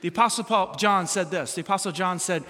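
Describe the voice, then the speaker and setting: Animated high-voiced male pastor preaching. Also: fast, big-room sound. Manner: animated, humorous, acts out quotes. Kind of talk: sermon.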